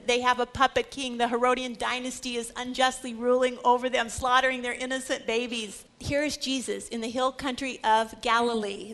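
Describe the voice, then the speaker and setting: A woman with a high voice leads a Bible lecture. She delivers it dramatically, rising to loud exclaiming and dropping to hushed, whispered asides. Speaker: Bible teacher. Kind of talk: animated lecture.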